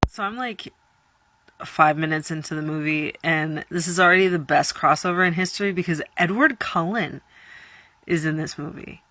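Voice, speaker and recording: A woman's voice: low voice, normal speed, bright, forceful tone, a little hiss or hum. A woman in her twenties chatting through a casual reaction vlog, dramatic and giggly, and tired. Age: 20s. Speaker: vlogger.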